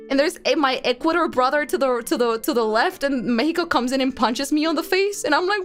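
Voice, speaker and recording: A young woman from Colombia, chatting excitably on a livestream, laughing often and swearing freely. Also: high-pitched, fairly quick, hardly any pauses, soft background music. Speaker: streamer. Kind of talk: casual livestream chat.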